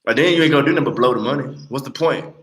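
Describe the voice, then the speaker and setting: Man, late twenties, casual livestream chat, blunt and profane, animated, echoey room. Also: medium pitch, very fast. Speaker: livestream host.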